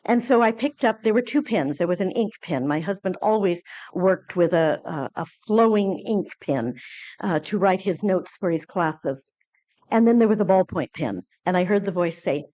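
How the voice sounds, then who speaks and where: A woman speaking at a conference, telling a personal story with lively acted-out dialogue and frequent fillers and restarts. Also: mid-range voice, normal speed. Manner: animated storytelling, acting out quoted dialogue. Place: conference lecture hall.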